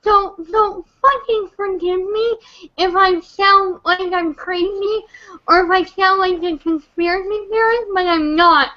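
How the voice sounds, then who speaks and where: A woman's voice: extremely high pitch, unhurried, lo-fi sound. A young woman, drunk and close to tears, ranting in an online chat room, stammering, repeating herself and swearing. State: tearful, on the edge of crying. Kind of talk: emotional rant.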